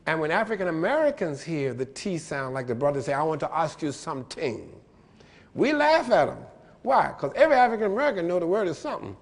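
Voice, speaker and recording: A man giving a lively lecture-style keynote address, playful and animated, spelling out letters and mimicking pronunciations. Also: high-pitched, fast, big-room sound, slight background noise. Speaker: keynote speaker.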